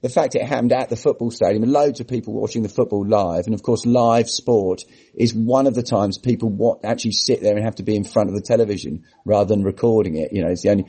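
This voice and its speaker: A man's voice: fairly low pitch, fast talker, mellow, slightly rough. A man co-hosting a podcast in casual chat, sardonic and mocking, often swearing. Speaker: podcast co-host.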